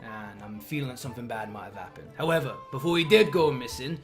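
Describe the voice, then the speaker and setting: Man doing a gruff tavern keeper. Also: mid-range voice, quick pace, faint music behind, voice pushed down, natural voice. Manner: brusque, swearing, businesslike. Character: gruff male tavern keeper and job broker.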